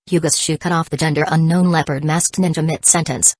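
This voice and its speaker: Low-voiced woman narrating an audiobook. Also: steady tone, fairly quick, few pauses, darkish tone, dry recording. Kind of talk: scripted narration.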